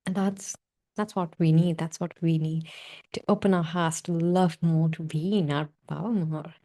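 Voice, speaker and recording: Young woman podcast host, heartfelt monologue, warm low-ish voice. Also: steady tone, normal speed. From South Asian diaspora. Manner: earnest, emotional, uses "like" often.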